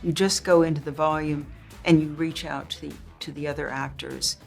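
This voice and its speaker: A woman actor in an interview, reminiscing in an animated way and laughing often. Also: low-pitched, normal speed, vocal fry, soft background music. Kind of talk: casual interview chat.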